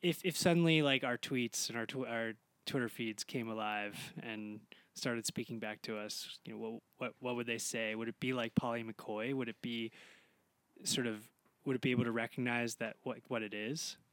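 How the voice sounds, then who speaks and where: Man, podcast co-host, musing and rambling, mid pitch, dry close sound. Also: fairly even intonation, normal speed, a bit bright, dry recording. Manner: musing, filler-heavy, trails off into restarts. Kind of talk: casual book-club chat.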